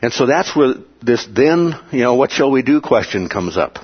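A Bible study teacher leads a class at a normal pace, his husky voice ranging widely and lively in pitch. He checks in with listeners often and briefly acts out voices he quotes, on a dull, lo-fi recording.

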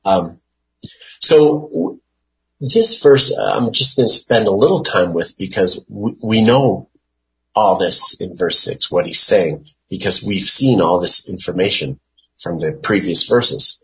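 A man leading an informal Bible study, reading verses and explaining them in an unhurried way, thinking aloud with many fillers and restarts. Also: low-pitched, expressive, highs cut off.

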